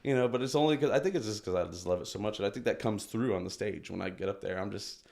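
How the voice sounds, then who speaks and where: Gravelly-voiced man in his forties. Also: lowish voice, quick pace, darkish tone. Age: 40s. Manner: rambling, laughs often, acts out quoted voices. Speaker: comedian guest. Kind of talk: casual podcast chat.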